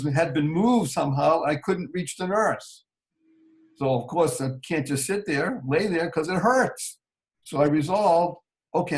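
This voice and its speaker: A man telling a personal story slowly and earnestly as an interview guest. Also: fairly high pitch, poor audio.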